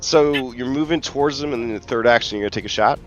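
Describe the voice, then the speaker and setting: A man narrating as game master in a casual online tabletop session, relaxed and hesitant with many fillers. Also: mid-range voice, fast, muffled recording, faint music behind.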